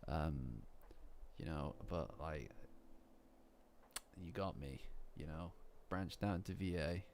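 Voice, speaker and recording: A man's voice: rumbling low, takes it slowly, a little mellow, a little hiss or hum. A young man chatting casually on a live stream in a rambling, self-deprecating way.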